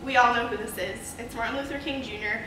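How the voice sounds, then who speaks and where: A young woman giving a speech to her class, asking her listeners rhetorical questions in a lively way. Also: fairly high pitch, quick pace. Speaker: student speaker. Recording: echoey room, far from mic, noisy.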